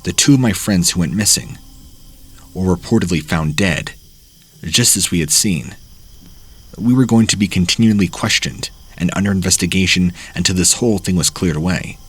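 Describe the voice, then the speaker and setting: A man narrating first-person horror stories as the host of a channel, reading in a plain, steady way. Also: low voice, moderate pace, slightly rough.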